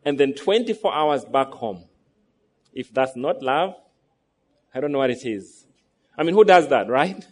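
A man's voice: mid-range voice, animated, a little slow, pauses often, darkish tone. A man in his thirties preaching a sermon to a congregation, asking them rhetorical questions as he goes. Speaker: pastor.

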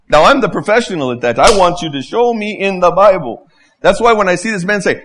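A middle-aged pastor preaches an impassioned sermon packed with rhetorical questions and repetition, shifting between loud and hushed. His voice sits high, and he is very animated and fairly quick.

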